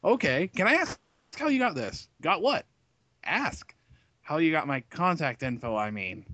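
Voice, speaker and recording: A man's voice: on the high side, very animated, measured pace, pushed and bright, no room sound. A man co-hosting a casual talk show, reading a news story aloud with stumbles and jokes. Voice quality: stumbling, joking over words. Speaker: podcast co-host.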